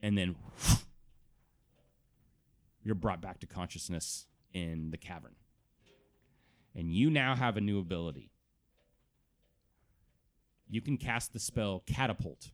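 A man narrating as game master of a tabletop game, telling the scene in an animated way and stretching out words. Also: low voice. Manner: animated storytelling, drawn-out words.

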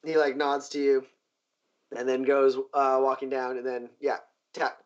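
A man narrating as game master in a tabletop game, halting with many fillers. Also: mid-range voice, little pitch movement, highs cut off.

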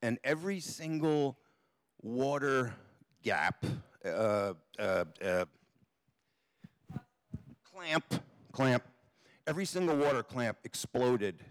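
A man tells a comic story from a theater stage, wry and offhand, swearing freely. His voice is mid-pitched, and the sound is dry and close, with little room echo. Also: very animated, slow, pauses often.

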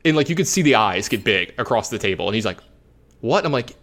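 Male podcast host, storyteller, animated and rambling, mid-range voice. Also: mid-range voice, fast. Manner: animated, rambling, lots of fillers. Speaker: competitive card game player. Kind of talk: casual storytelling.

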